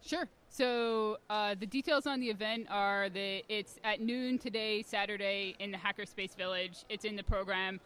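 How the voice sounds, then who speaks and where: A woman being interviewed at a conference, explaining things clearly with frequent ums. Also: medium pitch, normal speed, few pauses, fairly bright tone. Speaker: guest, community radio organizer.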